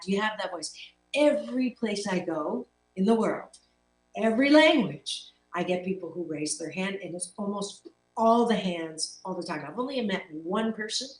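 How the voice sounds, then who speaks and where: A woman's voice: medium pitch, moderate pace. Earnest woman coach, echoey and distant. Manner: earnest, emphatic, repeats words while searching. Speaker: talk show host and life coach. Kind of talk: motivational talk to camera. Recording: echoey room heard from a distance, faint hum.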